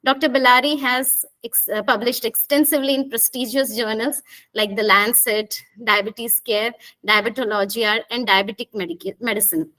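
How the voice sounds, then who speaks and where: A woman's voice: fairly high pitch, fairly even intonation, moderate pace, pushed and bright, rough recording. A woman hosting an online session, reading a formal introduction of a guest speaker in a polite manner. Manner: polite, formal, reads from a script. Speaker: host.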